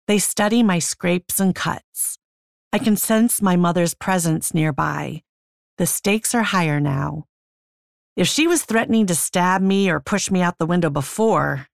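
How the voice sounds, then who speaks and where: Gravelly low woman narrating a memoir. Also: unhurried, dry recording, clean studio sound. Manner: tense, intimate first-person reading.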